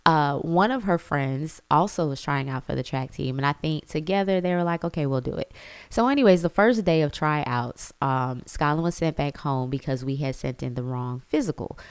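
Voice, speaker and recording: A woman's voice: deep voice, normal speed, clear, resonant tone, no echo. A woman, chatting casually as she tells a family story to her viewers. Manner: chatty, says y'all, acts out quotes. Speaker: vlogger.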